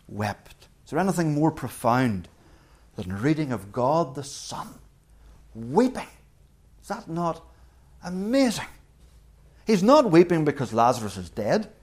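A man preaching a sermon as pastor, earnest, dropping to hushed quotes and rising to emphatic peaks. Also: a little high.

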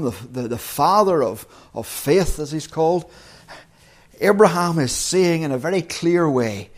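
A man preaching an evening sermon, reflective and measured, slowing down to read scripture aloud. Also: on the high side, a little mellow.

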